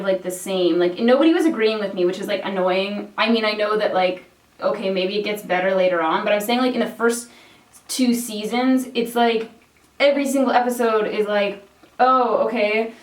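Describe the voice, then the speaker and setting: A Canadian beauty vlogger in her twenties chats casually while doing her makeup, her medium-pitched voice a little fast. She uses lots of filler words and swears casually. The mic sits back from her, giving a distant, roomy sound.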